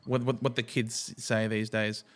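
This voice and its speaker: An Australian man co-hosting a casual footy watch-along, joking and teasing. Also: on the low side. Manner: joking, animated, quick to tease. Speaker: co-host.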